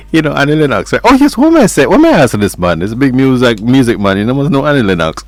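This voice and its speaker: Lively radio host. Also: male voice, mid-range voice, fast, no room sound. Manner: chatty, joking, asks rhetorical questions. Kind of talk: casual radio interview. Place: radio studio.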